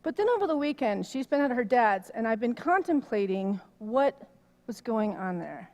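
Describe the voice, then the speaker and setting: In a church sanctuary, a middle-aged female minister preaches at a normal speed, telling stories in a chatty manner with a fairly high, lively voice. Her volume and energy rise as she gets worked up, with long hall reverb following.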